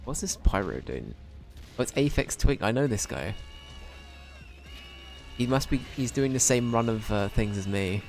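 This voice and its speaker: A man's voice: medium pitch, lively intonation, unhurried, vocal fry, long pauses, darkish tone, soft background music. A young man chatting casually on a game stream, rambling and swearing as he jokes with chat. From Britain.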